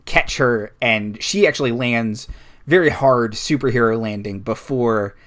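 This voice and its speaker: A man's voice: medium pitch, unhurried, fairly bright tone. A man running a tabletop game as game master, describing scenes with lots of fillers.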